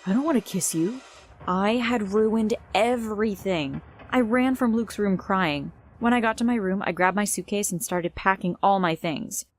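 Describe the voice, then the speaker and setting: A woman's voice: medium pitch, unhurried, hardly any pauses. A young woman giving a dramatic first-person storytime narration. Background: faint music.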